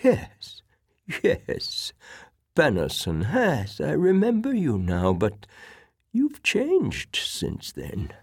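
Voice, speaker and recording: A man's voice: on the high side, wildly swooping pitch, very slow, creaky, husky, dry recording, clean studio sound, pitched above the performer's own voice, heavily acted. A man voicing a frail, sick old admiral who talks feebly and pleads. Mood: startled. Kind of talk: audiobook reading.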